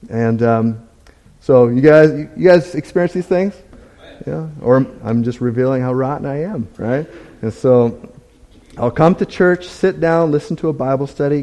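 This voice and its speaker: A man giving a candid, self-deprecating testimony in church, talking in a halting, conversational way with many restarts. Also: mid-range voice, dark tone. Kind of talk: conversational sermon talk.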